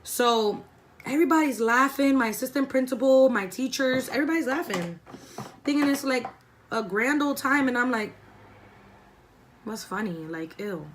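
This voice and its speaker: A woman's voice: sits high, normal speed, a little hiss or hum. A young woman vlogger telling a profane storytime while doing her makeup, acting out the voices of the people in it. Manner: animated, profane, acts out quoted voices. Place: indoors at home, doing makeup.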